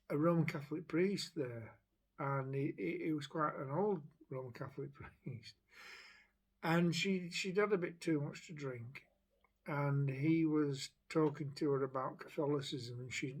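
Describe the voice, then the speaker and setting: A man working as a psychic medium, relaying a spirit's story in a chatty, hesitant way, with many restarts. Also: a little high. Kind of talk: spirit message monologue.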